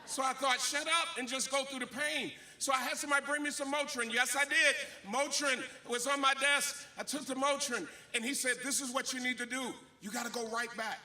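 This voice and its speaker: A man in his fifties speaks at a graduation ceremony in a preacher's style, with a very high, very bright voice. He tells his stories with animation and acts out what people said. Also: brisk, few pauses. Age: 50s. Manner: animated storytelling with acted-out quotes. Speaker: commencement speaker, bishop. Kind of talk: preacher-style commencement speech.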